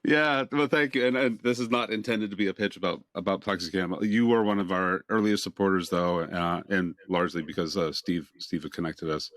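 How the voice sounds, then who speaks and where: A relaxed male host interviews a guest over a video call, asking long, meandering questions and chuckling often. His voice sits low for a man. The sound is dry and close, with no room echo. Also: a little fast, hardly any pauses. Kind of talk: casual interview chat. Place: home office near Boston.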